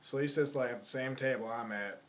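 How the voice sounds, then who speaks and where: A man's voice: medium pitch, a little fast, fairly bright tone, a little hiss or hum. A man telling a casual anecdote in a chatty, exasperated way, often repeating himself. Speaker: storyteller.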